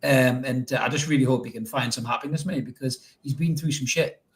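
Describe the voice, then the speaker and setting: A man's voice: medium pitch, brisk. A middle-aged man co-hosting a casual football podcast, cheeky and joking, swearing freely and laughing often. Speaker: podcast co-host.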